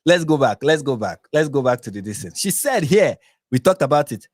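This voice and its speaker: A man's voice: mid-range voice, very animated, brisk, no room sound, clean studio sound. A man with a Nigerian accent hosting a live reaction stream, talking in an exasperated, repetitive, emphatic way. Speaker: reaction channel host.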